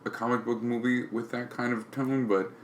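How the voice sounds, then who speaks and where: A man's voice: medium pitch, steady tone, normal speed. A man co-hosting a podcast in casual chat, critical and opinionated. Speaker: podcast co-host. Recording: roomy echoey recording.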